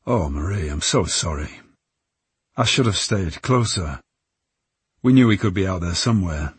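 A man doing a gruff, caring police boss. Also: deep voice, animated, moderate pace, no room sound, exaggerated voice. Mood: concerned. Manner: brusque but concerned.

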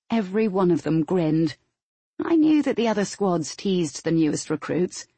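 A woman reading a first-person novel aloud in a steady, matter-of-fact storytelling manner. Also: fairly low pitch, normal speed, slightly rough, no room sound. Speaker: audiobook narrator. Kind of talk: first-person scripted narration.

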